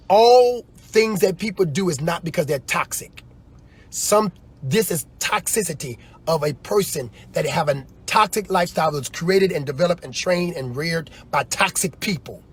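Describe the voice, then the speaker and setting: A man preaching in a loose, animated way on a livestream, often acting out quoted voices. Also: on the high side, breathy edge. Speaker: apostle.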